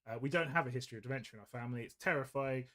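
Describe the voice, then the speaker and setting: A man hosts a painting livestream from his desk indoors, chatting casually, telling rambling stories, and laughing often. His voice is medium in pitch and a bit bright, and he talks rapid-fire.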